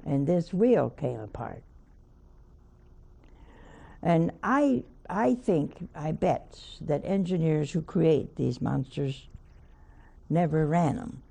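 A woman's voice: low voice, animated, takes it slowly, creaky, long pauses, mellow, breathy edge. An older woman, a nun, preaching a sermon by telling a homely story with wry asides.

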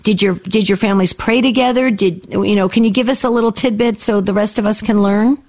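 A woman's voice: mid-range voice, fairly even intonation, a little fast, darkish tone. A woman hosting a call-in show, affectionate and encouraging with her callers. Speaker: radio host. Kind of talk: call-in radio talk.

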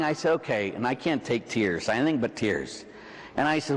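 Pittsburgh priest preaching in a reverberant hall. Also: male voice, huge pitch swings. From Pittsburgh, USA. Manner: slows and drops low for emphasis, then rises; conversational, tags "huh?" and "right?". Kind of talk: evening sermon with personal stories.

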